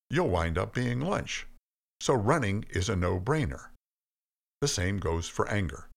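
A man's voice: low voice, vocal fry, full character voice. A man doing a stern, patient God. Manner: stern, then soft and calm. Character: stern but patient male God, all-powerful.

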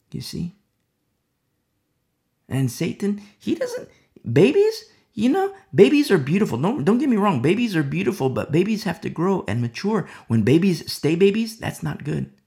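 A male preacher gives an emphatic sermon and keeps pressing his points home. His voice has a gravelly rasp and rises and falls widely. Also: mid-range voice, darkish tone. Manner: emphatic, keeps asking "you see?".

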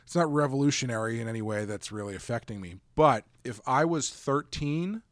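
A man's voice: mid-range voice, animated, a little fast, no room sound, studio quality. A man hosting a podcast in casual chat, rambling with restarts and laughing often. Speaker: podcast co-host.

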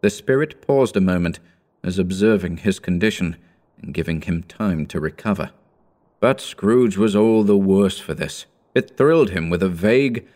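A man narrating an audiobook in a measured, steady reading. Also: low-pitched.

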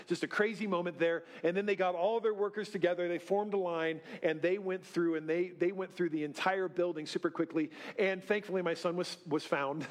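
A middle-aged male pastor with a noticeably high voice delivers a sermon in a church. He talks in a folksy, self-deprecating way, often tossing in a "right?" to the congregation. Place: church sanctuary.

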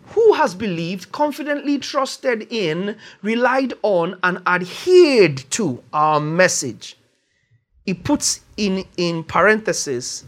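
Male preacher, sermon, husky tone, animated pitch, emphatic stretched words. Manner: emphatic, drawn-out stresses and rising exclamations.

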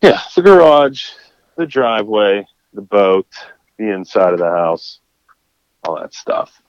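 A man's voice: lowish voice, slow, no echo, highs cut off. A man who runs fishing charters tells a story in casual conversation and acts out the quotes. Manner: animated storyteller acting out quotes. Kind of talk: casual storytelling in a podcast chat.

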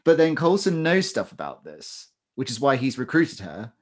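A man's voice: mid-range voice, wildly swooping pitch, moderate pace. A man co-hosting a podcast, chatting casually and joking about a TV show. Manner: jokey, chatty, laughs often. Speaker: podcast co-host. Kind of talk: casual chat.

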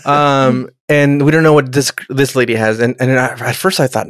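A man's voice: medium pitch, moderate pace, dry recording, studio quality. A man chatting casually on a podcast, swearing freely and acting out characters' lines as he retells a story. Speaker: podcast co-host. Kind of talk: casual profane chat.

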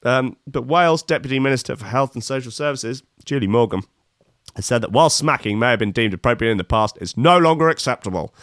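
A man hosting a podcast delivers comic news commentary, reading stories and riffing with sarcastic, meandering remarks and frequent restarts. His mid-range voice is expressive and fairly bright, and he talks fast. The audio is dry, clean studio sound.

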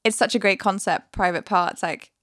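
A woman's voice: medium pitch, steady tone, moderate pace, fairly bright tone, no echo, clean studio sound. A woman with an English accent, hosting a casual chat and teasing her guest playfully. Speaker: host.

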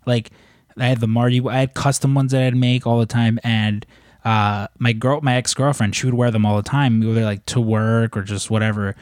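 Brief: male podcast co-host, mid pitch, loose storyteller who swears, dry room. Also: little pitch movement, moderate pace, darkish tone, dry recording. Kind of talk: casual chat.

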